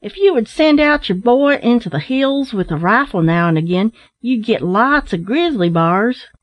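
A woman voicing a weather-beaten male hunter in a storybook, speaking loudly and emphatically in rough dialect, in a raised voice. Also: on the high side, animated, normal speed, highs cut off, voice pushed up, close to an everyday voice. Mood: emphatic.

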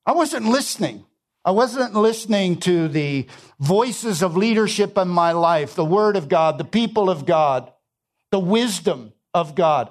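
A man's voice: high voice, expressive, a little slow. Emphatic male pastor preaching. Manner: emphatic, repeats key phrases, swings from quiet to loud. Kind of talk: sermon.

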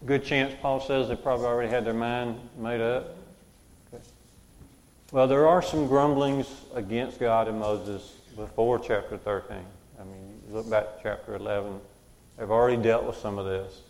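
A man's voice: medium pitch, fairly even intonation, normal speed, darkish tone. A man leading a group Bible study, who asks questions and repeats the answers back to the room.

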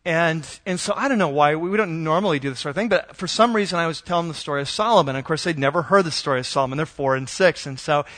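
A middle-aged male pastor whose voice sits a little higher than most men's. He preaches casually and chattily, often pausing on "uh" and "um" and restarting his sentences as he tells a story. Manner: conversational and relaxed, with frequent fillers and restarts. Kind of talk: sermon with personal storytelling.

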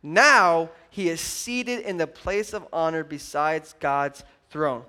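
High-voiced animated preacher man. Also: slow pace. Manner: animated storytelling, acts out his daughter's voice. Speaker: pastor. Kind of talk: sermon.

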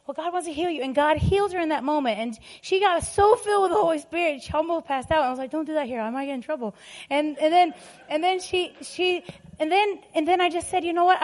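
A middle-aged woman preaching a sermon, telling personal stories emphatically and laughing often. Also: high-pitched.

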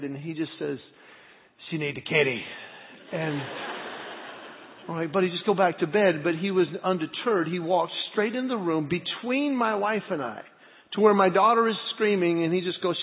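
A man in his thirties preaching a sermon, a pastor animatedly acting out stories about his family. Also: on the high side. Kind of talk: sermon with personal storytelling. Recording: phone-like sound with long hall reverb.

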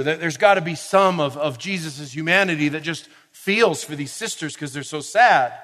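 High, bright-voiced male preacher in a hall. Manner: conversational preaching, asks the audience questions, rises to forceful emphasis. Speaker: pastor. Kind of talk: sermon. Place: church or camp meeting hall. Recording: long reverb of a large hall.

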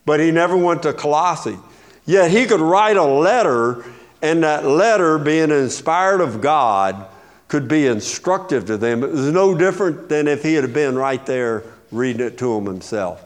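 A man preaching a teaching sermon in a fairly high voice. He leans on key words for emphasis and keeps asking his listeners questions, then answers them himself. He sounds like a pastor walking a congregation through scripture. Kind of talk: expository sermon.

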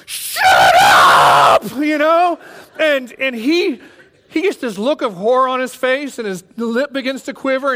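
A man in his thirties preaches to a congregation, his voice sitting high for a man. He tells his story in an animated way, acting out his own panic as he goes. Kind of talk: sermon storytelling.

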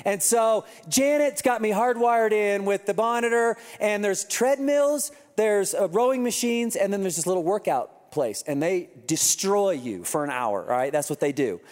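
A man preaching a sermon, telling a funny story with quoted voices and lively asides. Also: high voice, normal speed, hardly any pauses. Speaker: pastor. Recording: reverberant hall.

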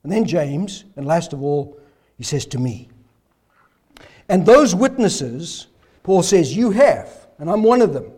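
Hoarse male pastor, expository sermon, animated high delivery, keeps coughing. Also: takes it slowly, long pauses. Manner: expository preaching with rhetorical questions, coughing. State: hoarse, voice failing.

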